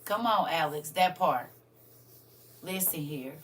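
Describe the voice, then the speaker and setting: A woman's voice: deep voice, animated, slow. An older woman hosting a casual livestream, talking emotionally, laughing and exclaiming to her viewers. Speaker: livestream host. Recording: voice a bit distant from the mic.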